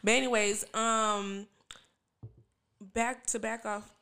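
A young woman co-hosts a casual podcast chat. She talks in an animated, teasing way and swears freely. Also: fairly high pitch, slow pace, clean tone. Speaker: podcast co-host.

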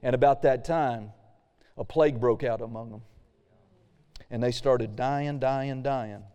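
A man's voice: mid-range voice, measured pace, mellow, clean tone, long reverb tail, dull audio. A male pastor preaching a casual sermon, reading scripture aloud and acting out the quoted complaints.

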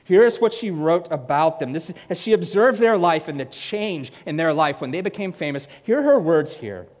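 A man preaching a sermon in an emphatic way, repeating phrases and swinging from loud to hushed. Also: fairly high pitch, animated, normal speed. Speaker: pastor. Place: church hall. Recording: long church-hall reverb.

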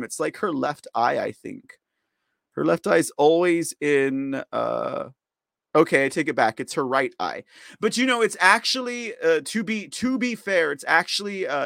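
Guy hosting a live podcast, gravelly voice, kinda high, dry sound, rambles and laughs a lot. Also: fairly bright tone, dry recording. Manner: rambling and mocking, laughs often, reads viewer comments aloud. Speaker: podcast host. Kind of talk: casual live-stream commentary.

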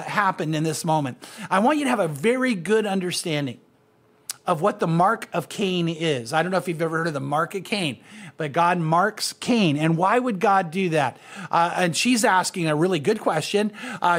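High-voiced man teaching a Bible lesson. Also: fairly bright tone. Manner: earnest, speaks directly to listeners. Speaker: pastor.

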